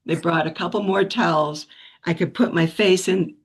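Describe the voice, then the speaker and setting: A woman sharing a personal story in a relaxed, reflective way, with many restarts and soft laughs, on a video call. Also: on the low side, normal speed, slightly rough. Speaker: practice group member sharing a story.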